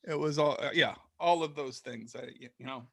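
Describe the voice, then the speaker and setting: A male Canadian comedian talks in a casual interview, his voice sitting fairly high. He tells stories at his own expense and laughs often. The sound is dry and close, with no room in it. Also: brisk, fairly bright tone, no echo. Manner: laughing, self-mocking storyteller. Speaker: comedian guest.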